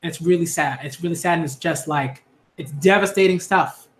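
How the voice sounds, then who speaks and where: A man's voice: on the high side, fairly quick, fairly bright tone, echoey room. A man speaking earnestly in a casual monologue, repeating himself with many fillers and restarts. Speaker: YouTube commentator.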